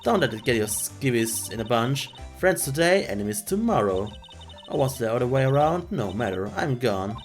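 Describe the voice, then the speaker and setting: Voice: medium pitch, big pitch swings, normal speed, faint music behind, close to an everyday voice. A streamer voicing a brash female photographer with a put-on Southern drawl, reading game dialogue aloud. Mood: sassy. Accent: American Southern. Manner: folksy, sassy, loud.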